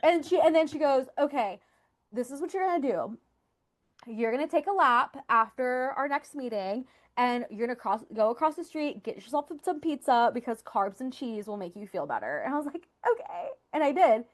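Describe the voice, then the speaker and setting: A woman with a high, lively voice hosts a podcast at a moderate pace. She tells candid stories in casual chat, peppering them with "like."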